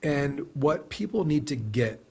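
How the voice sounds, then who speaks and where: A man's voice: on the high side, expressive, a little slow, darkish tone, husky. A man being interviewed as a guest on a podcast, talking in a reflective, rambling way and often saying "you know". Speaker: podcast guest, sales leader. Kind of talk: conversational interview.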